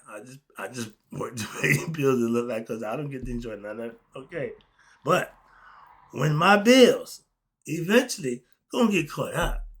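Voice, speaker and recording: Gravelly-voiced older man musing casually. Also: fairly high pitch. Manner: emphatic, laughing asides, swings loud and soft. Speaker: commentator. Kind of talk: casual monologue.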